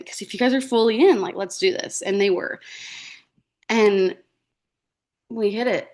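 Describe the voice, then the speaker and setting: A woman speaking over a video call, telling her own story in a loose, chatty way. Her pitch sits in a middle range, and she fills her speech with "like" and "um." She slips into the voices of her past self when she quotes them. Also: unhurried, darkish tone. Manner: chatty, frequent "like" and "um", acts out quoted dialogue. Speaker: guest speaker. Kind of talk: casual personal story on a team call.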